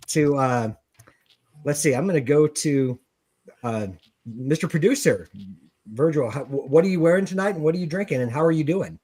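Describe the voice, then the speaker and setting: A man hosting a casual sports talk show, loose and jokey, halting with fillers. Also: fairly high pitch, expressive, darkish tone. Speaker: podcast host.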